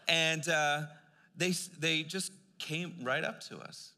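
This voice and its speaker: A man's voice: mid-range voice, unhurried, bright, forceful tone. An older man preaching a sermon in a church, telling a personal story in a loose conversational way with many fillers. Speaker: pastor. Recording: long hall reverb.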